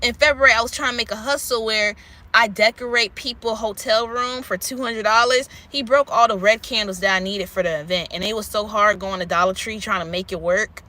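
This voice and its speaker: A woman's voice: mid-range voice, fairly quick, pushed and bright. A woman vlogger ranting candidly and rambling to camera, swearing freely. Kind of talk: unscripted rant to camera.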